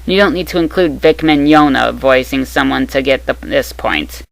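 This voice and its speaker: A young adult reviewer reads through a scripted rating system with a gravelly, fry-edged voice. The delivery is opinionated and laced with sarcastic jabs. The sound is dry and close, with no room around it. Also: medium pitch, normal speed, no echo, low-quality recording. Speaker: anime dub reviewer.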